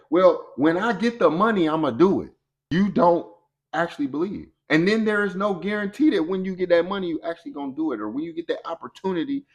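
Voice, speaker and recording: A middle-aged man speaks in a casual, lively motivational talk. His voice sits at an ordinary mid pitch and jumps up when he presses a point. He slips into little quoted voices to act out everyday excuses. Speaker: speaker of a personal growth talk.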